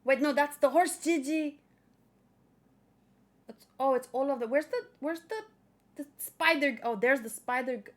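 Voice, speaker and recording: A woman's voice: sits high, lively intonation, a little slow, pauses often. A woman reading a comic aloud and chatting about it, gushing and emotional. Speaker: manga read-along host. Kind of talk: casual comic read-aloud with commentary.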